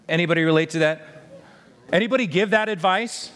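A man preaching a sermon, telling the story in a lively way and acting out the voices of the people in it. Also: high voice, quick pace, in a large hall. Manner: animated storytelling, acts out voices of disciples.

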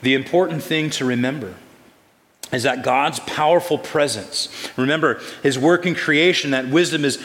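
A pastor preaching a sermon, lively and storytelling, putting on voices and asking the congregation questions. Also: male voice, fairly high pitch. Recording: long hall reverb.

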